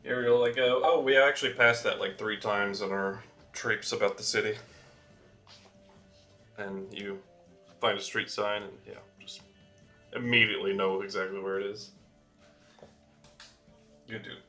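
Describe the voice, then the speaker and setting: A man's voice: on the low side, fairly even intonation, unhurried, long pauses, sharp tone, faint music behind. A man running a tabletop game as dungeon master, talking loosely with lots of fillers and laughter.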